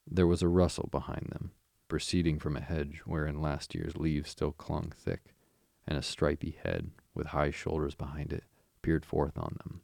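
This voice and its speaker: A man narrating a storybook in a steady, unhurried way, with a gravelly voice. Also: extremely low pitch, dry recording, clean studio sound. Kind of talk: audiobook narration.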